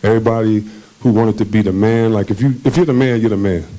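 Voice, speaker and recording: A lowish, dark-toned man's voice, steady and quick, comes through a rough recording. The speaker, once a basketball player, is being interviewed on a conference stage and tells his stories with casual animation, acting out quoted voices and laughing often.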